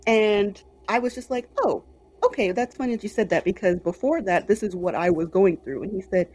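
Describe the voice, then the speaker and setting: A young adult woman co-hosting a podcast, telling a personal story in a casual, animated way. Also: medium pitch, fairly quick. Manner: animated, lots of fillers and quoted inner voice. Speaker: podcast co-host.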